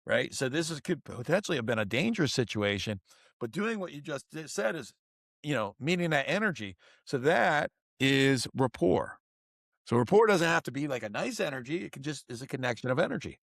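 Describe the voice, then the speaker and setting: Energetic man teaching on a podcast. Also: mid-range voice, a little fast, creaky, no room sound, clean studio sound. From United States. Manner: energetic, instructive, tells stories. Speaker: guest author and coach.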